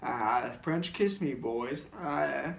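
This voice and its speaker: A man's voice: mid-range voice, very slow, vocal fry, slight background noise, pitched above the performer's own voice. A man putting on the voice of a leering old male host who stretches his words out. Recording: roomy echo, distant mic.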